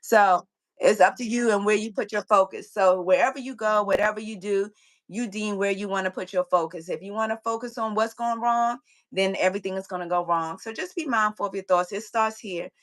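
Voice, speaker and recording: A woman who runs a fitness business, a guest telling a story, preaching a lesson and repeating her key phrases with lively energy. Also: mid-range voice, moderate pace, poor audio. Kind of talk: motivational storytelling chat.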